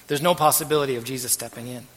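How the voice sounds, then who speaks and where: A man preaching a sermon as pastor, earnest and measured, letting his phrase ends trail off softly. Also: medium pitch, fairly even intonation. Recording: long hall reverb.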